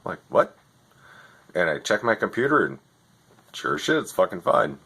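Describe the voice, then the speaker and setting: A man telling a rant about customer service, exasperated and profane, swinging between loud outbursts and muttering. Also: on the low side, sing-song, a little fast, gravelly, husky. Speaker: vlogger. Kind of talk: ranting storytelling.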